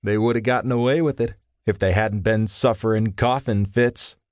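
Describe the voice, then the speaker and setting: A man's voice: fairly low pitch, fairly even intonation, normal speed, a little mellow, no echo, close to an everyday voice. A man voicing a wisecracking young male federal agent with a playful, joking manner. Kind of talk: audiobook character voice.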